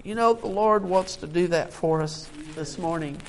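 A man's voice: high voice, moderate pace. An older man preaching a sermon, emotional and tired, reading scripture aloud with rising emphasis. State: tired from little sleep.

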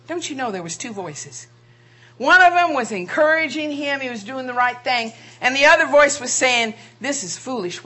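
Husky-voiced woman preaching. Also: high-pitched, bright, forceful tone. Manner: rhetorical questions, drawn-out emphatic phrases. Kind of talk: sermon.

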